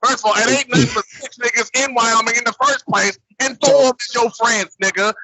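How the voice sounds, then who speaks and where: A man co-hosting a podcast, cracking crude jokes in loud casual chat. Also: extremely high pitch, steady tone, a little fast, gravelly, a loud crowd, rough recording. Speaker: podcast co-host.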